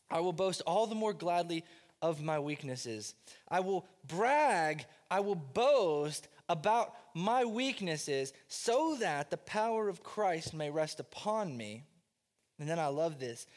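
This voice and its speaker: A man preaching a sermon with passion, repeating phrases and swinging between loud pleading and quiet, low lines. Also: in a large hall. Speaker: pastor.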